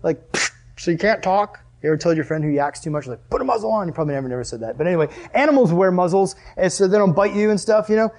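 A young man giving a casual, animated sermon as a youth pastor, with a chatty manner and lots of "like". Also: high-pitched, quick pace. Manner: animated, chatty, heavy use of "like".

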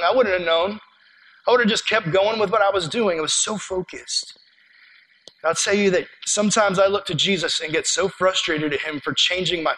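A man preaching a sermon as a pastor, telling a story in an earnest, conversational way and dropping quiet for emphasis. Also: high-pitched, rough recording.

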